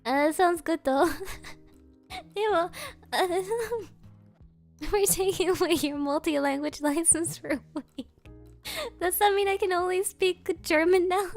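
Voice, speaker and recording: A woman's voice: extremely high pitch, slow pace, long pauses, soft background music. A woman streamer chatting casually and playfully with her chat, often breaking into giggles. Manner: giggly, playful, keeps bursting into laughter. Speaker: virtual streamer.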